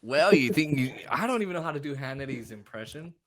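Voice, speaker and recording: A man's voice: mid-range voice, lively intonation, fast talker, a crowd in the background. A man hosting a livestream, chatting casually about politics in a loose, joking, profane way. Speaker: livestream host. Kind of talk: casual political commentary chat.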